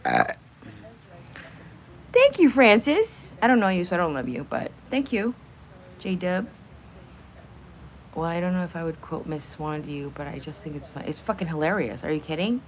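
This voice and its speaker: A woman's voice: sits low, brisk, slight background noise. A woman hosting a live stream in casual chat, blunt and profane, bantering with her viewers and laughing often. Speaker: livestream host.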